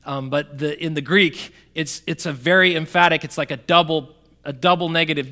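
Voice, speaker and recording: A man preaching with a bright, ringing voice that sits a little high for a man. He talks straight to his congregation in a conversational way. He swings from loud emphatic bursts to quiet, soft lines. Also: a little fast. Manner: conversational, addresses the congregation directly. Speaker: pastor. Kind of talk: sermon.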